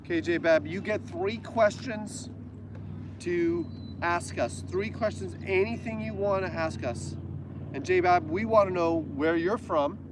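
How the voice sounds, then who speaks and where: A man's voice: high-pitched, measured pace, background noise. A Canadian man co-hosting a casual livestream chat, jokey and prone to going off on tangents. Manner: chatty, jokey, goes off on tangents. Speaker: livestream co-host.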